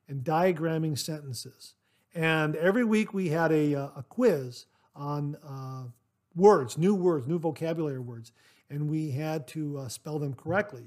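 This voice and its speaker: High-voiced chatty man hosting a podcast. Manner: chatty, rambling, frequent "uh" fillers; warmly thankful and enthusiastic. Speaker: podcast host. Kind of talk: casual solo podcast, reading listener mail.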